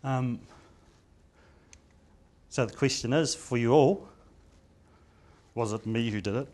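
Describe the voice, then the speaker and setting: A man's voice: mid-range voice, takes it slowly, a little mellow. A middle-aged man with a New Zealand accent talks to a room as a general practitioner. He keeps it loose and storytelling, tripping over words and starting phrases again. Māori words sit easily in his everyday phrasing. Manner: chatty storyteller with many restarts and stammers. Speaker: general practitioner giving a seminar talk. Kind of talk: informal conference presentation.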